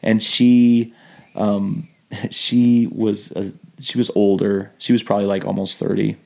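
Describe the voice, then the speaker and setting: A man guesting on a podcast, telling lively stories in an animated way, laughing often and restarting his sentences. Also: lowish voice, unhurried, gravelly. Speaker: podcast guest, former missionary. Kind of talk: casual storytelling interview.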